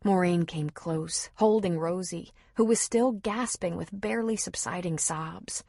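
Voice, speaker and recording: A woman narrating an audiobook in a steady, dramatic manner, read close to a studio mic. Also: lowish voice, measured pace, gravelly, no room sound. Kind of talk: scripted narration.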